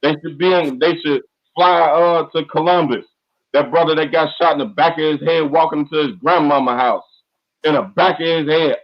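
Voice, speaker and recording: A man's voice: a little high, normal speed. Impassioned man on a lo-fi call. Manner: fiery, repetitive, emphatic outbursts. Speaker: speaker on an online call. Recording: dull lo-fi online call audio.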